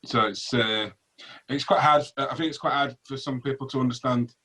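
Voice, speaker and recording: A man with a Yorkshire accent, chatting as a guest on a video call, rambling and hesitant with many pauses and digressions. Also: mid-range voice, sharp tone, poor audio. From Yorkshire, England. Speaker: magician guest.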